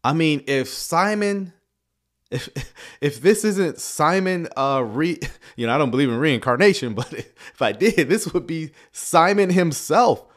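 Sarcastic male commentator, fairly high voice, very lively pitch, chuckling asides. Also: a little slow. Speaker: video commentator. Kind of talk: reaction commentary.

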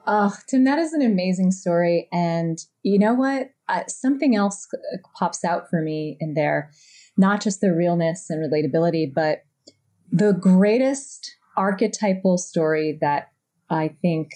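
A woman's voice: lowish voice, measured pace, warm tone. A woman with a New Jersey accent hosting a podcast, chatty and self-deprecating, laughing often as she talks. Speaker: podcast host. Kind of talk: casual conversational interview.

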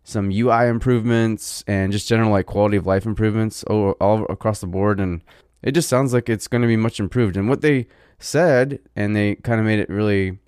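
A man's voice: lowish voice, a little fast, darkish tone, smooth, dry recording, clean studio sound. A man co-hosting a gaming podcast, talking in a rambling, loose and chatty way with plenty of fillers. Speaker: podcast co-host. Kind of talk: casual gaming podcast chat.

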